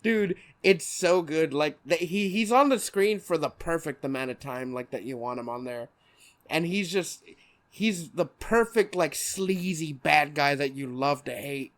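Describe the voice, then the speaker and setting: A young man chats on a podcast, rambling loosely and swearing often. He laughs a lot, and his voice sits a bit high for a man. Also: measured pace. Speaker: podcast host. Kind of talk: casual chat.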